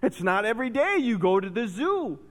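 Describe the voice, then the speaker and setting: Pastor preaching in an echoing hall. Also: male voice, high-pitched, moderate pace. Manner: animated storytelling, dropping to soft intense emphasis. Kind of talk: sermon. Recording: long reverb of a large hall.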